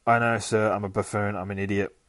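A man's voice: lowish voice, little pitch movement, fairly quick, fairly bright tone, no echo, distant mic, lightly acted. A man voicing a bumbling male surveillance agent who grovels to his boss. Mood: grovelling. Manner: grovelling, apologetic.

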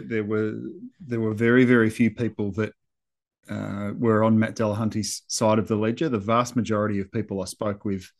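A man's voice: fairly low pitch, a little mellow. A man co-hosting a podcast, speaking hesitantly with frequent restarts. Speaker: podcast co-host. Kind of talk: casual podcast chat.

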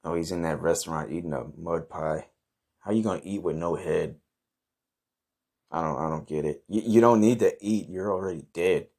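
A man with a deep, low voice narrates his own comic misadventure in a brash, swaggering way. He swears constantly and flares up in shouting outrage. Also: normal speed. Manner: crude, profane, brash and swaggering. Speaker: comedy podcast host. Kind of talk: improvised first-person comic narration.

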